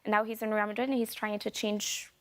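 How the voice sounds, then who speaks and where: A woman's voice: medium pitch, flat delivery, fairly quick. A woman talking as a panelist on a football show, earnestly explaining a player's choices. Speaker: pundit. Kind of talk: football discussion.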